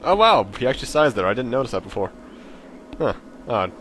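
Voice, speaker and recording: A man's voice: mid-range voice, very animated, a little fast, fairly bright tone, slight background noise. A young man giving casual, rambling commentary over his video game playthrough, joking around and swearing now and then. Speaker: let's play gamer.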